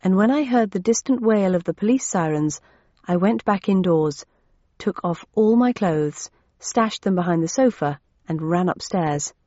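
A woman narrating a first-person novel in a steady, measured way. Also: fairly low pitch, no room sound. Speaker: audiobook narrator. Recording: dull, dry lo-fi recording.

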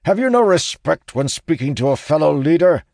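A man's voice: fairly low pitch, lively intonation, a little slow, creaky, no echo, studio quality, pitched above the performer's own voice. A man reading an audiobook, voicing a hot-tempered male captain who bellows with anger and confidence. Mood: furious. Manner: loud, confident, blustering.

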